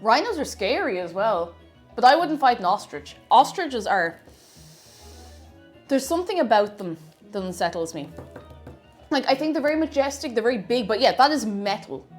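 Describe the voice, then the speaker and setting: Irish woman streamer, chatty and animated, high-ish voice, faint music under. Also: moderate pace, long pauses. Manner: chatty, reads out chat, lots of restarts. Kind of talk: casual live-stream chat.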